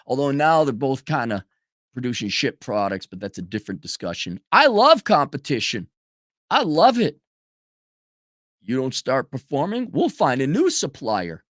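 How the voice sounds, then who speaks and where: A sarcastic man rants on a commentary stream, his pitch leaping up and down as he swears and mocks. His voice is dry and close, with no room sound around it. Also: fairly bright tone, no echo. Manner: profane, sarcastic, swings into mocking voices. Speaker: commentary show host. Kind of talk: livestream rant commentary.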